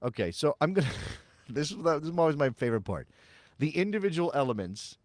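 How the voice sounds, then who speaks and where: Lively man, sports podcast chat. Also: on the high side, fairly quick, no echo. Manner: animated and mocking, laughs often, many restarts. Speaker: podcast co-host.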